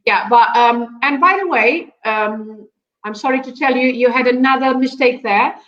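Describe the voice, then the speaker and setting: A woman's voice: fairly high pitch, moderate pace, dull audio. Woman teaching over an echoey call. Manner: patient, explaining, laughs often. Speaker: Portuguese teacher. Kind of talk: live online language lesson.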